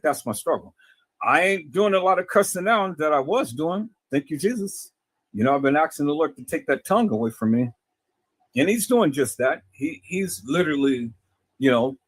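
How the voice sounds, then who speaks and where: A man's voice: on the high side, a bit bright, husky, dry recording. A man talking to his viewers in a casual, preachy way, often stammering and repeating words. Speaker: video host.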